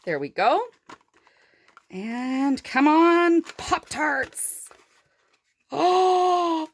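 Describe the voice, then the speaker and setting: High, lively, gushing woman unboxing toys. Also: takes it slowly. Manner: gushing and excitable, with gasps and squeals of delight. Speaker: toy reviewer. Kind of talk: toy unboxing review.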